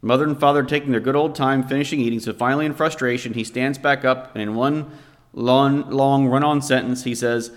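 A man's voice: mid-range voice, steady tone, fast, hardly any pauses. A man preaching a sermon, telling a family story to make his point. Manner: storytelling, vividly recounting a scene. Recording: long hall reverb.

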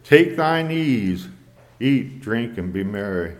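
A man preaching a sermon in a measured way, quoting scripture in old English. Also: medium pitch, big pitch swings, in a large hall.

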